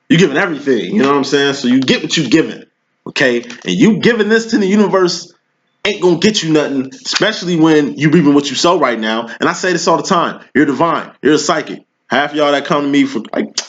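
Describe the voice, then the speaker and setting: A man's voice: fairly high pitch, fairly bright tone. A man giving a casual tarot reading, talking in slang and preaching, always checking in with "you know what I'm saying". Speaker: tarot reader. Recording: dull lo-fi recording.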